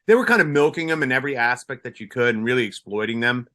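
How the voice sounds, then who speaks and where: A man's voice: mid-range voice, animated, quick pace, pushed and bright. A retired police sergeant from Colombia, a man, telling a story in a casual interview, with many restarts and fillers.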